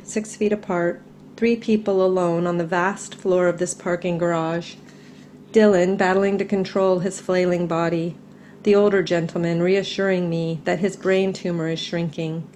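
A middle-aged woman reading her own personal essay aloud in a calm, measured, reflective way. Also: fairly low pitch, a little hiss or hum.

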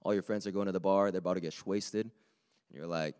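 A male preacher with a slightly low, raspy voice. He delivers his sermon in a lively, conversational way and pushes hard on the key points. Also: a little fast. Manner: lively and conversational, building to emphatic peaks.

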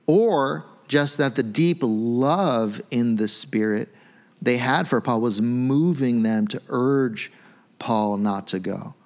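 Male pastor, casual animated sermon delivery, mid-pitched voice. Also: takes it slowly. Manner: conversational, animated, frequent "right?" asides. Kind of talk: sermon teaching.

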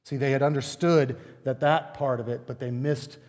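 A male pastor preaching a sermon, animated and emphatic, with many rhetorical questions. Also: mid-range voice, moderate pace, big-room sound.

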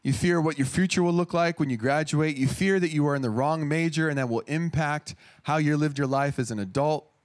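A man's voice: fairly high pitch, fairly quick, hardly any pauses. A man in his thirties preaching a sermon in an earnest, conversational way, often restarting his phrases.

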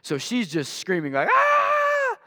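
Male guest preacher, mid-pitched, lively storyteller, big hall reverb. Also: moderate pace. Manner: animated storyteller, acts out voices in anecdotes. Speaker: guest pastor. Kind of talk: storytelling sermon. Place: church sanctuary. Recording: long reverb of a large hall.

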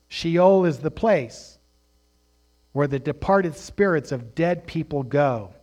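A man teaching a sermon, asking rhetorical questions and swinging between hushed, drawn-out phrases and loud, emphatic preaching. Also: a little high, lively intonation.

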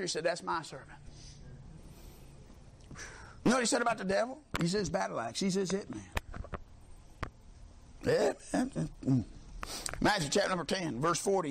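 A man preaching a sermon, fiery, swinging from low talk to high shouts. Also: creaky, slight background noise.

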